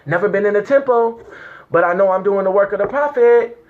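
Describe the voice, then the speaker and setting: A man's voice: high-pitched, a little fast, phone-quality sound. A man, fervently reading a declaration to viewers, tearful and crying out in emotional exclamations. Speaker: speaker reading a legal declaration.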